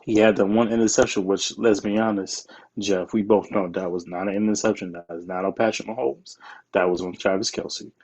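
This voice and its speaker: A man's voice: lowish voice, steady tone, fairly quick, a little mellow, rough recording. A man co-hosting a casual sports podcast, teasing and trash-talking with frequent laughs. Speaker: podcast co-host.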